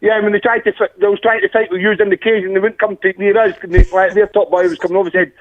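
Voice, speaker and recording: A man's voice: sits high, level tone, very fast, no room sound. Rambling Glaswegian man on a tinny line. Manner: rambling, restarts, laughs through stories. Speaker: guest fan. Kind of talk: casual chat, storytelling.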